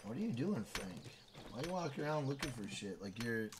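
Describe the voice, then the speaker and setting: A man streaming a survival game with his wife, swearing freely, shouting hype catchphrases and reading out viewers' names from the chat. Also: medium pitch, very animated, fast talker, background noise. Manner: reads out chat names and thanks members. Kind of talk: casual livestream gaming chat.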